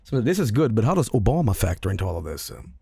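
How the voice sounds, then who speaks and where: Male streamer, lively pitch, dry close mic, rambling and stammering, swears, laughs. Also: quick pace, vocal fry, breathy edge, dry recording. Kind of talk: casual stream chat.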